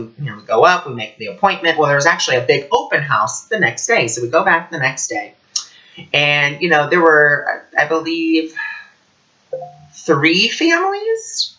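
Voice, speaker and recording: A man giving a casual teaching vlog as an intuitive teacher, telling stories in an animated way. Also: a little high, lo-fi sound. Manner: animated storytelling.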